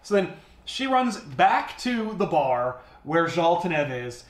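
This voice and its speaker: A man's voice: on the high side, lively intonation, unhurried, roomy sound. A man casually retelling a comic book story on a podcast, acting out the characters' lines.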